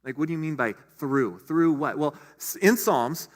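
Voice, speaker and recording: A man's voice: a little high, normal speed. Man preaching in a reverberant church. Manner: conversational, with asides and restarts. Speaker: pastor. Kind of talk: sermon. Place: church sanctuary. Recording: long hall reverb.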